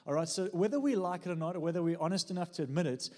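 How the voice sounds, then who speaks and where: A man preaching a lively sermon in a church, mixing jokes with prayer and calling on the congregation. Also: high-pitched, rapid-fire, in a large hall. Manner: fervent preaching with jokes and audience prompts. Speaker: pastor.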